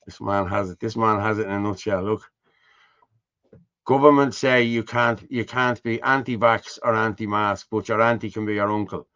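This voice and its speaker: A man's voice: fairly low pitch, fairly even intonation, normal speed, a bit bright, no room sound. An Irish man hosting a casual live stream, blunt and scornful, swearing freely. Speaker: host. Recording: dull lo-fi stream audio.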